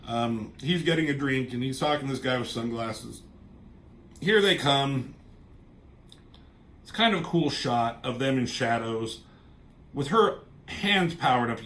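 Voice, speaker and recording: A man's voice: medium pitch, a bit bright. A man reviewing a comic book in casual, rambling chat, swearing offhandedly and trailing off into asides.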